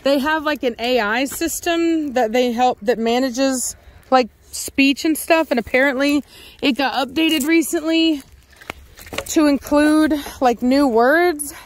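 A woman's voice: high-pitched, measured pace. A woman dog breeder with a Texan accent, chatting casually outdoors and cooing baby talk at her dogs.

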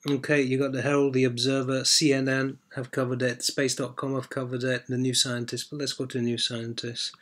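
A man giving unscripted commentary as he reads an article aloud, hesitant and filling pauses with ums and uhs, repeating points for emphasis. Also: medium pitch, a bit bright. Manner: emphatic repetition for stress. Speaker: video blogger.

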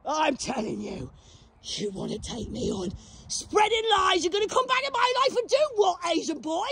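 A woman ranting profanely outdoors in a graveyard, shouting at unseen enemies on a phone camera. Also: very high voice, sing-song, moderate pace, no room sound. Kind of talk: ranting spiritual vlog.

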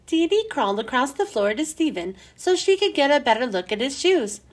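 A woman reading a children's chapter book aloud, slow and expressive. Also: high-pitched.

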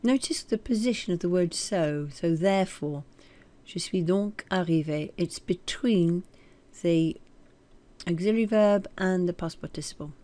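Woman teaching French translations, slightly low. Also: unhurried, mellow. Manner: reads French lines then translates and comments; self-correcting asides. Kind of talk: recorded language lesson.

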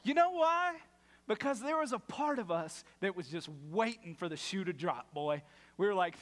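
Male pastor, sermon; lively, high-pitched delivery with big swings, reverberant sanctuary. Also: normal speed. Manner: animated and playful, drops to a hush for emphasis. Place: church sanctuary.

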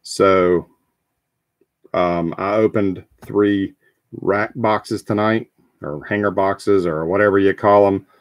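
A man's voice: low-pitched, fairly even intonation, takes it slowly, no room sound, clean studio sound. A man hosting a live trading card break, talking casually and rambling with frequent ums and restarts.

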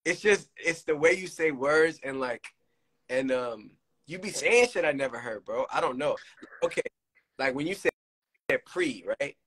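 A man from the United States hosting a casual interview, blunt and relaxed, with plenty of slang and swearing. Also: on the high side, a little slow, breathy edge, rough recording. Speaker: host.

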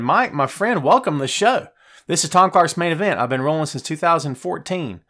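A man hosting a casual live wrestling show, greeting viewers by name and giving shout-outs. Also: a little high, animated, a little fast. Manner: reads viewer names and gives shout-outs. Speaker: podcast host. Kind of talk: casual live-stream chat.

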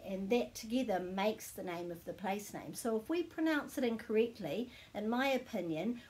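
A woman's voice: medium pitch, a little mellow. New woman teaching pronunciation. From New Zealand. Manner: slow, careful demonstration of each sound. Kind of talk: friendly pronunciation lesson.

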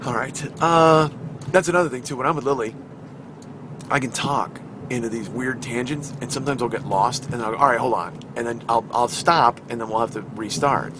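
A man with a hoarse voice hosting a rambling, profane, self-mocking comedy podcast while driving, recorded on his phone inside the car. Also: mid-range voice, moderate pace. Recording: car road noise on a phone.

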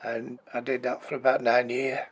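Man in his eighties, gravelly and plain-spoken, telling his own story. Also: mid-range voice, flat delivery, moderate pace. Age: 80s. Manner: plain-spoken, matter-of-fact, blunt everyday words. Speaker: bereaved husband and former carer. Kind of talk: personal life story told for a documentary.

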